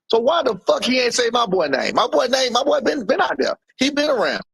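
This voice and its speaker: A man's voice: very high voice, sing-song, a little fast, vocal fry, few pauses, fairly bright tone, slightly rough. A middle-aged man, a boxer's father and trainer, talking in a blunt, profane and emphatic way during an interview. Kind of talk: heated interview talk.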